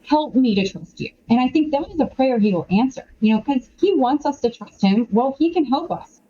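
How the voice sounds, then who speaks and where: Animated chatty woman on lo-fi audio. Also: high voice, fairly quick. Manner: animated, chatty, lots of "like" and quoted asides. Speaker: author and podcast guest. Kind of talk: casual conversational interview.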